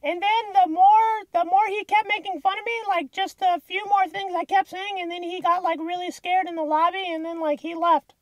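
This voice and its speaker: A woman with a very high, childlike voice, talking in a silly, innocent way for a gaming prank video. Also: flat delivery, a little fast, few pauses, roomy sound, lo-fi sound. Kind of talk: casual vlog intro and game chat prank.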